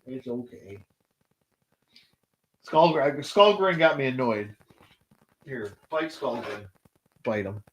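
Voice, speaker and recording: A man's voice: mid-range voice, expressive, takes it slowly, pauses often, poor audio. Rambling man reviewing toys. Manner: rambling, blunt, repeats and restarts while complaining. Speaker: action figure collector and channel host. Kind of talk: casual livestream toy review.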